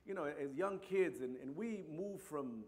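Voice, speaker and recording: Compton guy with a chicano english accent telling stories, lots of "you know, right", kinda high voice. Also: lively intonation, unhurried. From Compton, California. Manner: warm, rambling, many asides like "you know" and "right". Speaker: speaker. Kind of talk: personal storytelling talk.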